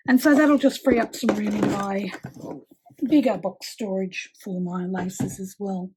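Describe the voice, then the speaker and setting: Mellow-voiced woman demonstrating a craft. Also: mid-range voice, steady tone, unhurried, slight background noise. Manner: chatty, many fillers, talks while working with her hands. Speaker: craft tutorial host.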